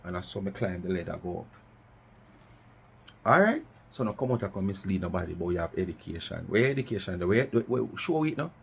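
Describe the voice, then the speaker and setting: A man's voice: lowish voice, gravelly, darkish tone, a little hiss or hum. A middle-aged Jamaican man from West Kingston ranting in commentary, challenging listeners with repeated rhetorical questions and slipping into patois. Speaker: vlogger.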